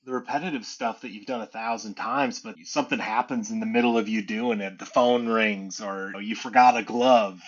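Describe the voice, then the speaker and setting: A man's voice: fairly low pitch, moderate pace, hardly any pauses. Man, podcast host, casual interview chat, laughs easily, dull lo-fi sound. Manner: laughs along easily, relaxed conversational.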